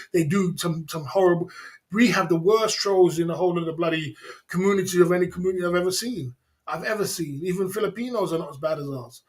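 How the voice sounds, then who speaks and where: High-voiced man ranting on a livestream. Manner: repetitive, emphatic, laughs often. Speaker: livestream host. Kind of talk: casual livestream monologue.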